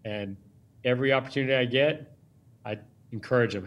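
A man's voice: medium pitch, brisk. A man speaking as a guest, telling a personal story in a reflective way, with short phrases and many fillers.

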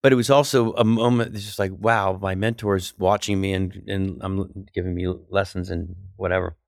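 A man with a low voice spins an animated comic story as an interview guest, slipping into the voices of the people he quotes. The sound is dry and close, with no room around it. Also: moderate pace, gravelly, no room sound. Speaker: guest comedian.

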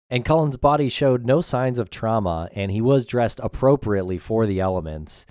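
A man's voice: mid-range voice, lively intonation, moderate pace, hardly any pauses, a little mellow, faint music behind. A man co-hosting a podcast, talking casually with some hesitation and narrating parts of a case. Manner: hesitant, with fillers. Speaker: podcast co-host. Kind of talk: casual discussion and read narration.

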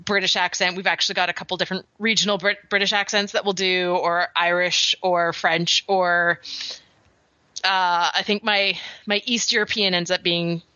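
A chatty woman co-hosting a podcast, her voice bright and a little low. The sound is close and dry, with a slightly dull, lo-fi quality. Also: level tone, normal speed, clear, resonant tone, no echo. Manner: chatty, laughing, lots of fillers. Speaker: podcast co-host. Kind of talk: casual chat.

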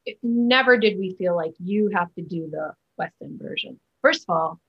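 A Broadway actor appears as a guest in a casual interview, her husky, breathy, lowish voice loose and expressive as she chats at a moderate pace. She's full of fillers and keeps restarting sentences, and the recording sounds muffled and lo-fi.

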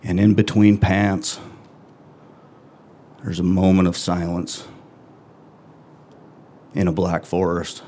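A middle-aged man telling a true first-person story on stage, earnest and halting, with long pauses between phrases. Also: sits low, flat delivery, dark tone.

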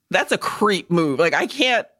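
A woman co-hosting a podcast, chatting casually with crude, joking humor. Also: medium pitch. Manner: profane, joking, animated. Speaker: podcast co-host. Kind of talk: casual comedic chat.

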